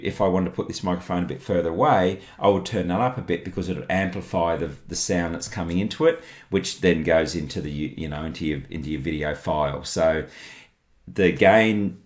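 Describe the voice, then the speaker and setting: A man reviewing microphones in a casual product walkthrough, chatty and relaxed, thinking aloud as he shows each one. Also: sits low.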